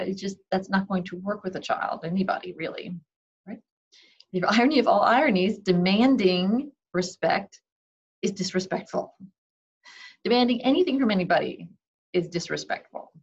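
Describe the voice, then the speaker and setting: A woman's voice: medium pitch, slightly rough. Woman, parenting advice talk, conversational, muffled lo-fi sound. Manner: conversational, frequent "okay", acts out parent and kid lines. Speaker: parenting advisor. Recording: dull lo-fi recording.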